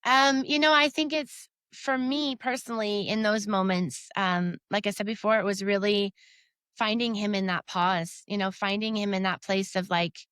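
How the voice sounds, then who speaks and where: On a faith podcast, a woman guest talks earnestly and at length, rambling with lots of "you know"s and quoting her own thoughts in this conversational, faith-based interview. Her mid-range voice is steady, clear and resonant, a bit bright, at normal speed with no echo.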